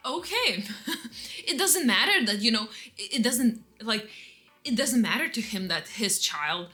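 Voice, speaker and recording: A woman's voice: on the high side, lively intonation, slow, bright, forceful tone. A woman telling an emotional story-time rant, rambling and full of restarts, with bitter laughter breaking through her anger. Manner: rambling, restarts often, lots of "like" and "you know". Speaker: vlogger.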